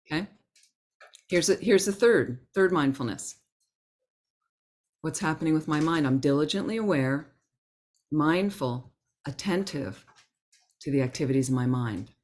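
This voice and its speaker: A woman teaching a Buddhist class in a gentle, conversational way, acting out her inner thoughts as examples. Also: low-pitched. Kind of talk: Dharma talk to a class.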